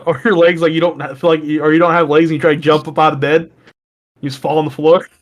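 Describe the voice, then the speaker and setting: A young man on a podcast, telling profane, animated stories and jumping high when he quotes people. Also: quick pace. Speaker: podcast co-host. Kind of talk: casual storytelling chat.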